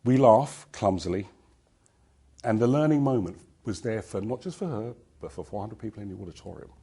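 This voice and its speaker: Husky, lively man telling a story. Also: lowish voice, brisk. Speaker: conference speaker. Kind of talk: personal anecdote in a talk.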